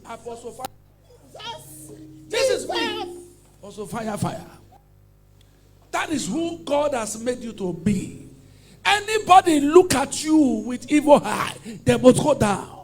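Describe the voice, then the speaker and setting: A man preaching and praying, who swings from loud fiery chanted commands to low murmured teaching and repeats phrases in long chants. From Nigeria. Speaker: pastor. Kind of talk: sermon.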